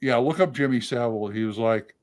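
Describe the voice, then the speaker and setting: A man co-hosting a casual chat, talking in an animated way and hopping from one tangent to the next. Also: mid-range voice, a little fast. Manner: animated, jumps between tangents. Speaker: co-host.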